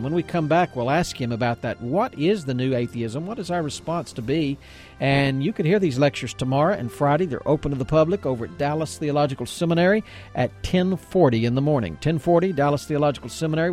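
A man's voice: on the high side, darkish tone. A man hosting a talk radio show, earnest and emphatic, preacherly in his appeals to listeners.

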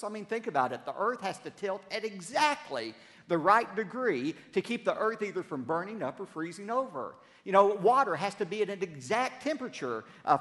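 A man's voice: high-pitched, fairly bright tone, in a large hall. A man preaching a sermon as pastor, emphatic and leading the congregation in repeated phrases, recorded in a church sanctuary.

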